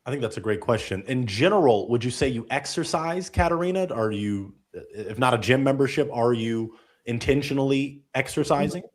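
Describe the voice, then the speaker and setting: Animated man hosting a live dating show. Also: medium pitch, moderate pace. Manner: lively, playful, hype-man praise. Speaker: host.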